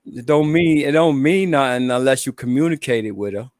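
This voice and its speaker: A man's voice: mid-range voice, fairly quick, a little mellow, no room sound, clean studio sound. A man in casual podcast chat who teases the others, laughing and cutting in with short remarks. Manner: teasing interjections, laughs a lot.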